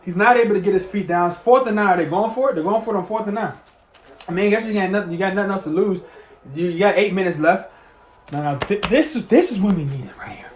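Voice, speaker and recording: An excitable man reacts to a football game as it happens, eating and calling the plays, his tone bouncing from muttered remarks to shouted curses. High-pitched and fast-talking, he sounds like he's in a roomy space.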